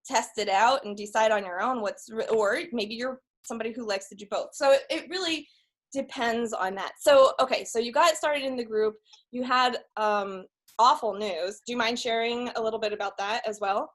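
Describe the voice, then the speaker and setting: A woman's voice: fairly high pitch, normal speed, fairly bright tone. A woman hosting a casual interview, chatty and full of fillers and asides. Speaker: host.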